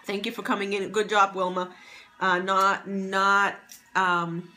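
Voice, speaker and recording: Bright, chatty woman streaming live. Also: mid-range voice, flat delivery, slow. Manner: greets viewers by name, upbeat and chatty. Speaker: livestream host, fashion stylist and confidence coach. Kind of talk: casual live-stream chat. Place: at home near Boston. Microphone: phone.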